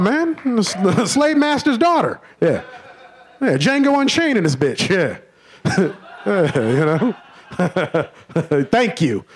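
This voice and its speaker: Animated stand-up comic with a lively voice. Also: male voice. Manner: animated, swings into high-pitched character voices. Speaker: stand-up comedian. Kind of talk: stand-up comedy. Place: comedy club stage.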